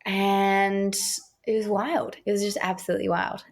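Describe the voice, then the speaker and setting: A woman's voice: medium pitch, little pitch movement, moderate pace. An Australian woman talking earnestly as a guest midwife in a podcast interview, acting out quoted voices as she tells stories.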